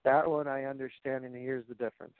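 A man hosts a loose, rambling chat show, full of fillers and jokes. His voice sits at a middle pitch. It comes through a thin, phone-like channel with a dry sound. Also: fairly even intonation, brisk, no room sound. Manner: rambling, filler-heavy, jokey. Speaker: podcast host.

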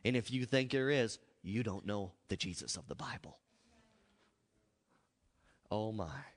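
A man's voice: lowish voice, animated, measured pace. Impassioned male preacher in an echoey hall. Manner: impassioned, swinging between loud outbursts and hushed asides. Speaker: pastor. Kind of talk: sermon. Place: church.

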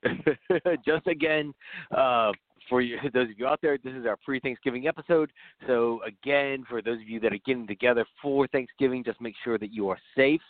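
A man's voice: mid-range voice, moderate pace, dry recording. A man co-hosting an online talk show in a put-on English accent, laughing often and swearing. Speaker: podcast co-host. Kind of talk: casual chat. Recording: dry, tinny phone-like line.

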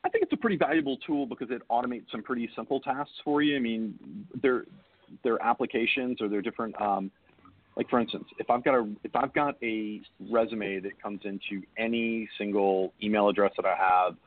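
A man's voice: mid-range voice, a little fast, no echo. A man, a guest recruiter on a casual panel chat, explaining things step by step. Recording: tinny phone-line audio.

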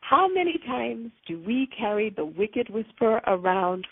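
A woman's voice: a little high, a little slow, few pauses, slightly rough, no room sound, phone-quality sound. A woman hosting a spiritual podcast, retelling a personal story dramatically and acting out the voices. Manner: animated, dramatic retelling with acted quotes. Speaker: podcast host.

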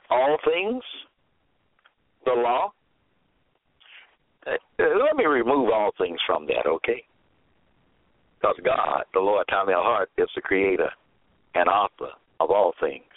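A man preaching a radio sermon, slow and emphatic, repeating himself and asking rhetorical questions. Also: medium pitch, dry recording. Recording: tinny phone-like radio audio.

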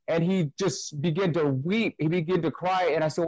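A man's voice: fairly high pitch, moderate pace, few pauses, a little mellow, no echo, low-quality recording. A man, a guest minister in an interview, earnestly telling his personal testimony and retelling others' words at length. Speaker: guest, full-time minister.

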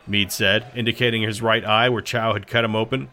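A man reading a novel aloud as narrator, in a measured storytelling manner. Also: lowish voice, level tone, sharp tone. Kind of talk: audiobook narration.

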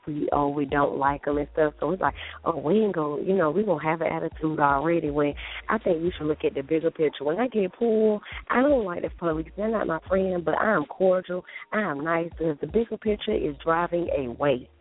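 A man's voice: fairly high pitch, brisk. A man speaking earnestly in a casual talk show discussion, reasoning his point through. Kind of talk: casual chat. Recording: muffled phone-like audio.

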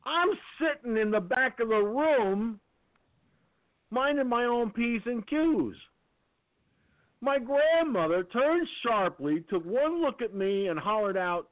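High-voiced man telling a story by phone. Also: slow pace, dry recording. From Peekskill, New York. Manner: animated storyteller, acts out the voices. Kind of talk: casual storytelling. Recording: tinny phone line.

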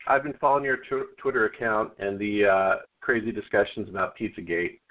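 A man's voice: fairly low pitch, fairly quick. A man calling into a radio show, arguing his point earnestly with frequent restarts. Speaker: caller. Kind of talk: call-in phone conversation. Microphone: telephone. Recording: tinny phone line.

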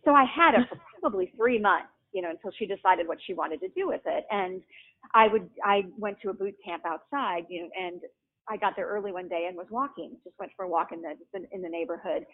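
A woman's voice: mid-range voice, brisk. Woman telling stories over a tinny phone line. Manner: chatty, laughs often, many restarts. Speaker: guest, author. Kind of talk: casual storytelling.

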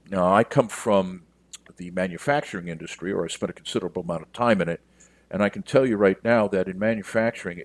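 A middle-aged American business coach delivers a casual podcast monologue, talking directly and conversationally to listeners and addressing them as "you." His voice is low-pitched, with no room sound.

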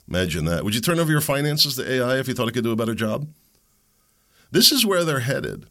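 A man's voice: mid-range voice, big pitch swings, brisk, a bit bright. A middle-aged man hosting a podcast, talking in a casual opinion monologue with chuckling asides and emphatic bursts. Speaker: podcast host.

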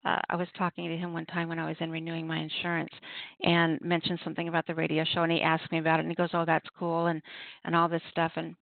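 A woman's voice: deep voice, completely flat delivery, fast talker, creaky, dry recording. A woman hosting a poetry radio show, talking casually and rambling, with frequent laughs. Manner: chatty, rambling, laughs often. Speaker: host of an open mic poetry radio show. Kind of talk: casual talk giving poetry prompts. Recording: tinny call-in phone line.

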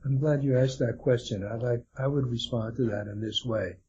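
A man's voice: mid-range voice, normal speed, mellow. A man being interviewed as a guest author, speaking hesitantly with many restarts and fillers. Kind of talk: conversational interview. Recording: dull lo-fi audio.

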